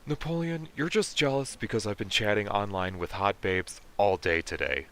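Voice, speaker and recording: A man's voice: lowish voice, normal speed, a bit bright, natural voice. A man doing a nasal, smug nerdy young guy. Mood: taunting.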